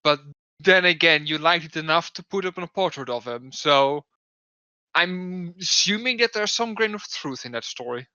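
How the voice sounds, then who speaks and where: A sharp, bright-toned man trading wry, needling banter in character at a tabletop game. His voice comes through a dull, lo-fi home mic with a dry, close sound. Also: on the high side, lively intonation, normal speed, dry recording. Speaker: player. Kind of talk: in-character tabletop role-play.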